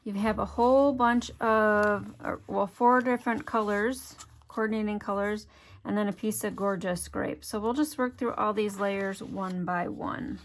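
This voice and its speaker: A woman's voice: mid-range voice, a little hiss or hum. A woman leads a hands-on craft tutorial. She talks in a chatty, step-by-step way and thinks aloud as she works. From Wisconsin, USA. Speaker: craft demonstrator.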